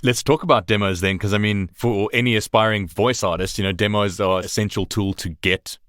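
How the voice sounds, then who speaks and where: A man hosting a podcast interview, asking measured questions. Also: on the low side, fairly even intonation, fairly bright tone, no echo, clean studio sound. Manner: measured, asks clear questions. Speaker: podcast host.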